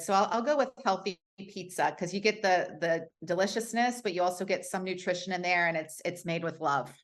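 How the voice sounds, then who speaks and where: A woman author speaking as a podcast guest, earnest and encouraging, often restarting her sentences. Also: on the low side. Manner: earnest, warm encouragement, many restarts and "you know". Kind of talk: casual interview chat.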